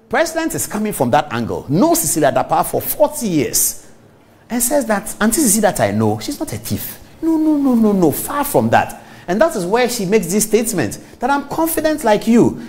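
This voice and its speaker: A middle-aged man with a Ghanaian accent, hosting a TV talk show and delivering an emphatic commentary monologue straight to viewers. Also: sits high. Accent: Ghanaian English. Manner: emphatic, animated, addresses viewers directly.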